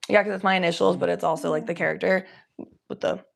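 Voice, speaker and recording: A woman's voice: lowish voice, fairly even intonation, fast, gravelly, a little hiss or hum. A young woman from the Cincinnati area, chatting casually on a livestream, swearing freely and reading chat aloud. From Cincinnati area, USA. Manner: chatty, swears freely, reads chat aloud, slips into baby talk for pets.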